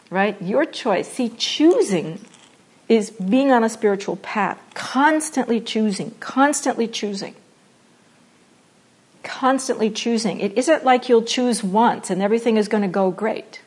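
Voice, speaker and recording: Woman teacher, spiritual talk; animated and playful, with quiet, slow repeated phrases. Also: mid-range voice, slightly rough. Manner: animated and playful, acting out examples with laughter; drops to soft, slow repetition when guiding meditation. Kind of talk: spiritual talk mixing meditation and acting.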